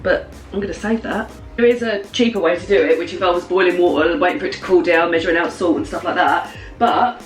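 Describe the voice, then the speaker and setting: Woman in her thirties, chatty home vlogger, rambling and giggly, slightly stuffy with a cold. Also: medium pitch. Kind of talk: casual chat. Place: home kitchen.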